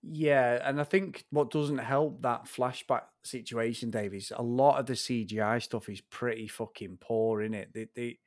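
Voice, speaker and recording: A man in casual podcast chat, blunt and heavy on the swearing as he tears into a film. His voice sits at an ordinary middle pitch, and the recording is dry and close with no room sound. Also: steady tone, normal speed, few pauses, dry recording. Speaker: film review podcast co-host.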